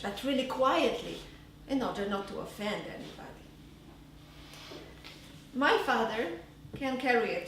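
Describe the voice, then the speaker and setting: A woman performing an earnest solo theater monologue, recorded live on a small stage. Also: a little high. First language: Polish. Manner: earnest storytelling, measured. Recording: live stage, roomy hall from far off, faint noise.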